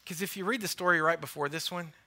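Guy preaching a sermon, bright ringing voice, keeps repeating himself for emphasis. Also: on the high side, fast talker. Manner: animated storytelling, acting out the voices of biblical figures; repeats and restarts phrases for emphasis. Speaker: pastor.

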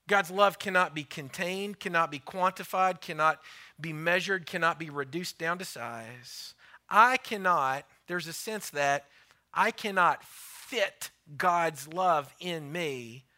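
A man's voice: a little high, sharp tone. A man preaching a sermon in a church, emphatic and repetitive, sometimes dropping his voice to near a whisper.

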